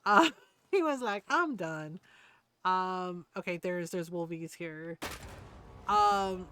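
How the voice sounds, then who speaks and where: A woman's voice: fairly low pitch, animated, slow, fairly bright tone, clear, resonant tone, no echo. A middle-aged woman streaming a game, rambling through a casual story with lots of fillers and laughs. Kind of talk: casual chat while gaming.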